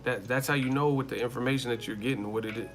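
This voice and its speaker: A man's voice: mid-range voice, fairly even intonation, quick pace, fairly bright tone. A man hosting a live boxing commentary stream, talking in a casual, slangy and emphatic way and repeating his points over and over. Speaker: boxing commentary channel host.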